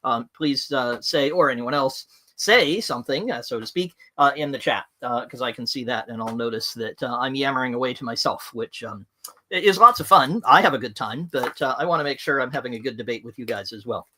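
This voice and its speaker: Bright, rambling man hosting a livestream. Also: medium pitch, a little fast, a little hiss or hum. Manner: rambling, filler-heavy, chatty. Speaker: livestream host. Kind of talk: opinionated livestream talk.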